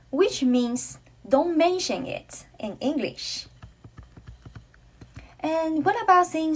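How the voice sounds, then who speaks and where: A woman from Taiwan with a Taiwanese accent, whose first language is Taiwanese Hokkien, teaching a language lesson slowly and carefully, repeating phrases for the learner. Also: high-pitched, sing-song, poor audio.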